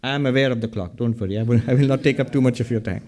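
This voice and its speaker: Speaking very fast in a mellow, medium-pitched voice, this man delivers a public lecture on Vedanta from a podium in a hall. He works through ideas one step at a time, constantly questioning his audience.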